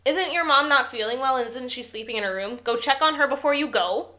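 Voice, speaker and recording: A woman's voice: sits high, brisk, sharp tone. A woman co-hosting a podcast, chiming in with dry, wry remarks in casual chat. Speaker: podcast co-host.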